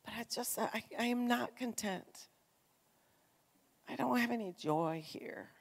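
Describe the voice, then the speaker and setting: A middle-aged woman giving an earnest, conversational sermon testimony, swinging between loud emphasis and soft, quiet passages. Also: on the high side, unhurried, gravelly, slightly rough. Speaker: church speaker. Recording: long reverb in a large hall.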